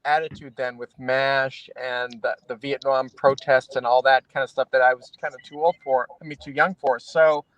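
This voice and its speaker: A man's voice: mid-range voice, flat delivery, normal speed, few pauses, fairly bright tone, no echo, muffled recording. A middle-aged man chatting as a guest, laughing often and restarting sentences while telling anecdotes. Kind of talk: casual chat.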